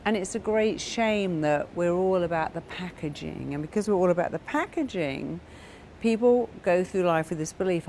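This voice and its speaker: A middle-aged woman therapist giving a motivational talk, telling client stories in a lively way and acting out the voices of the people in them. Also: on the low side, moderate pace, slight background noise. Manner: animated storytelling that acts out quoted voices.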